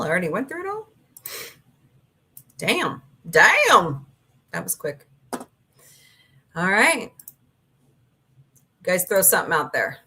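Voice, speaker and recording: A woman's voice: mid-range voice, fairly bright tone. A middle-aged woman hosting a casual livestream, chatting and rambling through stories with her live chat. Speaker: livestream host.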